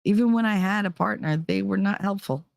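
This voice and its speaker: Middle-aged New Jersey woman, podcast host; candid, animated, profane, dry close mic. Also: mid-range voice, fairly quick, vocal fry, no echo. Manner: blunt, swears freely, animated. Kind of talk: casual candid talk.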